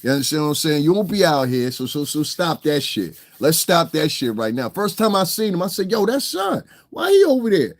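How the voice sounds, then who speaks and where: A man, his voice pitched a touch high, tears into critics in a profane, mocking rant. He lurches from loud outbursts to low mutters, sounding confrontational throughout. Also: expressive, brisk, few pauses. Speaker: online hip hop commentator. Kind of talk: ranting streamed commentary.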